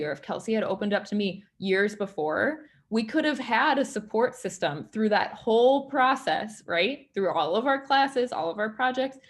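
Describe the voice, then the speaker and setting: A young woman giving a casual workshop talk in a chatty, conversational way, often saying "like" and "right?". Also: medium pitch. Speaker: workshop speaker.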